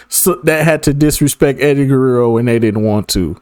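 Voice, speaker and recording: A man's voice: medium pitch, a little fast, hardly any pauses, a little mellow, dry recording, clean studio sound. A man reacting casually to a wrestling video, with slangy, laughing asides. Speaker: reaction streamer.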